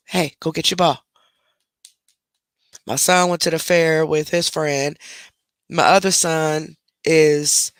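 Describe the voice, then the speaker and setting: Gravelly low-voiced woman chatting on a stream. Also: no echo. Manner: chatty, keeps breaking off to scold her dog. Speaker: livestream host. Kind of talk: casual live-stream chat. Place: at home, indoors. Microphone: desk microphone close up.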